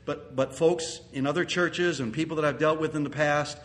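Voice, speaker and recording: Bright-voiced preaching man. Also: on the high side, fairly even intonation, moderate pace. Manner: earnest preaching, repeats key phrases, rises to loud exclaims. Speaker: pastor. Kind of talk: sermon.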